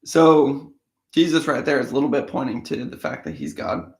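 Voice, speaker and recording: A man, his voice a little hoarse from a cold, reads scripture aloud and stops to muse on it in a relaxed, conversational way. His voice sits at an ordinary middle pitch, and the echoey room rings around his words. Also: normal speed. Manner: thinks aloud, conversational asides. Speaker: host of a daily Bible reading show. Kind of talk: casual scripture reading with commentary.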